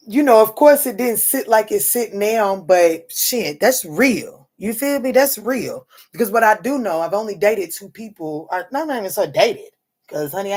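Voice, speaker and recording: A woman, a mother, hosts a casual tarot livestream and talks straight to her viewers. She speaks bluntly and swears freely, calling her listeners "honey" and "baby". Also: medium pitch. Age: adult mother. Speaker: tarot reader.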